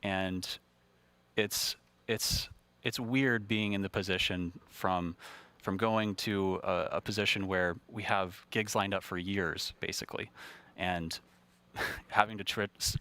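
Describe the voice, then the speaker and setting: A man's voice: low voice, steady tone, moderate pace, bright, forceful tone. Chatty, resonant-voiced male livestream host. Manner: chatty, self-deprecating, many restarts. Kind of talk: ad-libbed live broadcast hosting.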